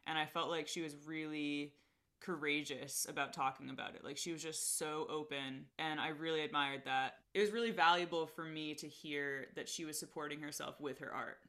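A woman's voice: deep voice, steady tone, moderate pace, sharp tone. A young woman in casual interview chat, talking about her podcast with lots of "like" and frequent laughs. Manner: chatty, lots of "like", laughs often. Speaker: podcast host as guest.

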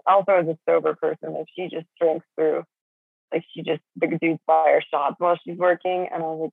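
Gravelly woman talking on a phone line. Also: fairly low pitch, steady tone, brisk, no room sound. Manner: swearing, laughing, rambling with many fillers. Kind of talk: casual chat.

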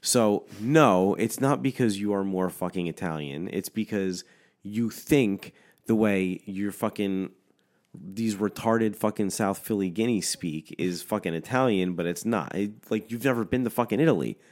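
A man with a very low, deep voice tells a story in a loose, animated rant. He swears at nearly every turn and fills his sentences with "like". His delivery is casual and heated. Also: moderate pace. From Philadelphia area. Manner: animated, swears constantly, heavy "like" fillers.

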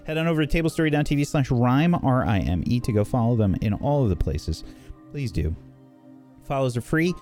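A man hosting a tabletop role-play stream, doing shout-outs in a casual, halting way full of ums and uhs. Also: mid-range voice, big pitch swings, faint music behind. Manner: halting, filler-heavy delivery. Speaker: game master and show host.

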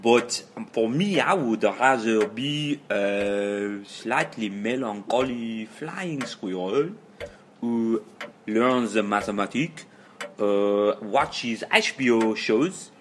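A man's voice: on the low side, takes it slowly, slight background noise. An actor playing a muddled, pretentious male French philosopher with a put-on French accent and formal, broken phrasing. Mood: lofty. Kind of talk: comedy sketch acting.

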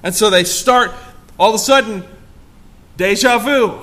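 With lively intonation and a fairly bright tone, a pastor preaches at a normal pace to his congregation. His dramatic delivery acts out the story's lines through big changes in pitch and volume, and he questions the room directly.

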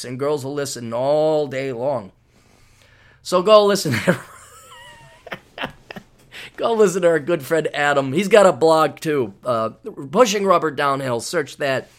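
Man from the US, podcast host, rambling sarcastic rant, somewhat high voice, very lively swooping pitch. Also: measured pace, long pauses. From United States. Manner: rambling, mock-ranting and sarcastic. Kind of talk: casual podcast monologue.

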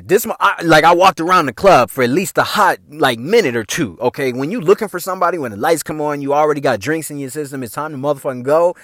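Slangy, high-voiced man telling a story. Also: dry recording, clean studio sound. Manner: profane, slangy, animated with laughs. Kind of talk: casual anecdote telling.

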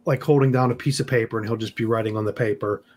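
Husky-voiced man at a tabletop game. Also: medium pitch, steady tone, racing. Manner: hesitant, rambling. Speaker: player.

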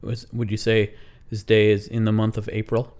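A woman's voice: a bass voice, monotone, moderate pace, a little mellow. A woman co-hosting a podcast, cutting into a bedtime story with playful jokes and questions. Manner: joking interjections. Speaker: podcast co-host.

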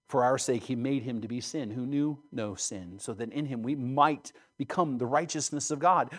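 A man preaching, reading scripture aloud with dramatic swings from loud cries down to hushed, solemn lines. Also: medium pitch, normal speed, hardly any pauses.

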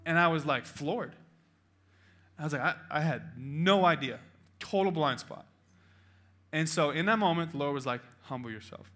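A man's voice: fairly high pitch, moderate pace, long pauses, fairly bright tone, faint music behind. A male pastor preaching a sermon in a church, telling a personal story with emotion and urging his congregation passionately. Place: church auditorium.

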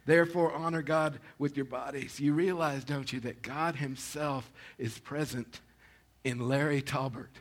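A man preaching a sermon to his congregation, talking conversationally with restarts and swelling into loud, animated calls to the people by name. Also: mid-range voice, unhurried. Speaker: pastor.

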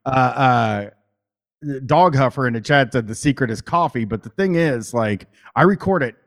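A man's voice: mid-range voice, expressive, normal speed, fairly bright tone. A man podcaster talking as a guest in casual chat, rambling, swearing freely and using many fillers.

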